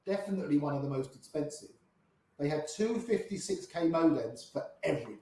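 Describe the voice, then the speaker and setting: A grey-haired older man, guesting on a storytelling interview, recounts poker anecdotes in a warm, expressive, slightly high voice at a fairly quick pace. He imitates the voices of the people in his tales, and the space echoes.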